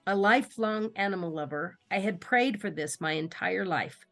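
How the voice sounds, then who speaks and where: A woman, a writing student, reading her own story aloud in a steady storytelling manner over a video call. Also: mid-range voice, normal speed, soft background music.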